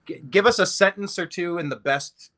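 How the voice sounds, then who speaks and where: Bright-voiced male podcast host. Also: high voice, moderate pace. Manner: playful, rambling, mock-grand intros. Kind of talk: casual podcast chat. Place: Louisville, Kentucky.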